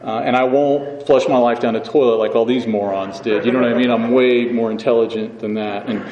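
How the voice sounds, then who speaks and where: Man of middle pitch telling his recovery story, rambling and self-mocking, recorded live in a reverberant hall. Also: steady tone, brisk, dull audio, a crowd in the background. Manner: rambling and self-mocking, full of "you know what I mean". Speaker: AA meeting speaker. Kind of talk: personal recovery story told to a meeting. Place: meeting hall. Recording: echoey hall with background noise.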